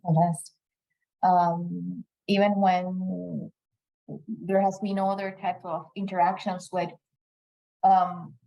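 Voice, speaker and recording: A woman presenting in a casual webinar discussion over a video call, speaking thoughtfully with frequent pauses and fillers. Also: fairly low pitch, a little mellow, low-quality recording.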